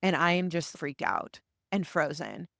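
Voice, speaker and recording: An American woman hosting a solo podcast, telling stories in a chatty, animated way. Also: low-pitched, unhurried, gravelly, no room sound, studio quality. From United States. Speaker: podcast host.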